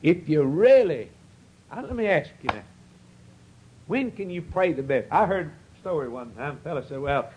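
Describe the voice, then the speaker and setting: A man's voice: fairly high pitch, big pitch swings, moderate pace, darkish tone, slight background noise, poor audio. A man preaching a sermon in a folksy, earnest storytelling manner, with rising outbursts.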